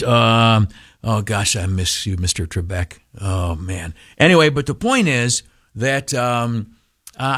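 A middle-aged man hosting a radio talk show, rambling and self-deprecating with lots of ums and uhs. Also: mid-range voice. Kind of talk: casual talk radio commentary. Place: radio studio.

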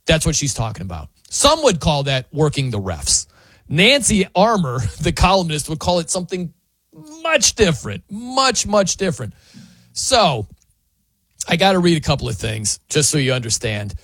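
A sports talk show host with a voice on the high side and a breathy edge delivers an opinionated monologue at a moderate pace. His animated reading is mocking and incredulous, and there's no room sound.

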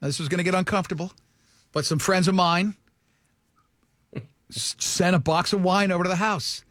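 A man's voice: sits high, fairly bright tone, no room sound, studio quality. A male radio host interviewing a guest in a playful, joking way. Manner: playful, joking, quick restarts. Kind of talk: casual interview chat.

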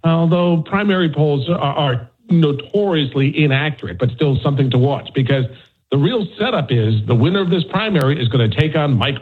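A man's voice: mid-range voice, husky. A man, a national correspondent, giving conversational political analysis with frequent fillers and restarts. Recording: tinny phone line.

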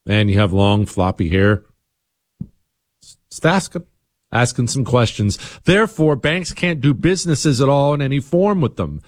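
A man's voice: medium pitch, husky, no room sound, studio quality. A middle-aged man hosting a talk radio show, sarcastic and teasing in his asides.

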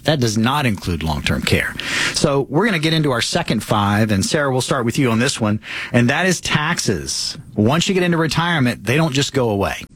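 A man's voice: medium pitch, sing-song, brisk, fairly bright tone, husky, no echo. A man in his fifties hosting a financial talk show, chatty and upbeat, poking fun at himself. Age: 50s. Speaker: host.

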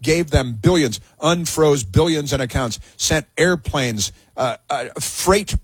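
Sarcastic talk radio host, husky man. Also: a little high, slow pace, no room sound. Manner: sarcastic, mocking, rambling with many fillers. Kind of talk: opinionated talk radio monologue.

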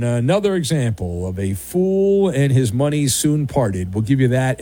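Male talk-radio host: mocking, theatrical, high-pitched and animated. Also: normal speed, hardly any pauses, no room sound. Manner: sarcastic, mocking, theatrical voices. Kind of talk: opinionated sports talk monologue.

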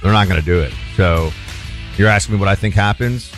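Lower-voiced male talk radio host. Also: brisk, faint music behind. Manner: relaxed, opinionated, takes calls. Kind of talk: casual talk radio chat.

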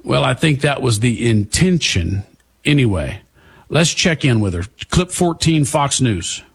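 A man hosts a political talk show with a slightly husky voice. He delivers opinionated commentary in a sarcastic, emphatic way, hammering his points home. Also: medium pitch, lively intonation, a little slow. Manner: sarcastic, emphatic, talks back to clips.

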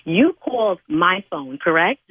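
A woman on a phone call, firmly demanding a calmer tone, later cursing and laughing. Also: fairly low pitch, measured pace, husky, no echo. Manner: firm, then cursing and laughing. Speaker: church sign-language interpreter, prank call target.

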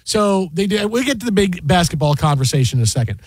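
A man's voice: high-pitched, slightly rough, no echo. A man hosting a talk radio show, joking and bantering with his co-hosts. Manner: animated, joking, quick to laugh.

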